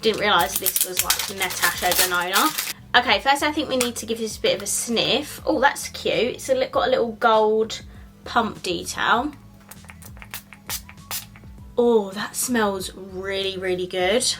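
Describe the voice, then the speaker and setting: A young woman talks through a makeup review, chatty and gushing as she tries each product. Her voice is bright and forward, with a lively, easy flow of filler words. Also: mid-range voice, unhurried, soft background music. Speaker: beauty vlogger.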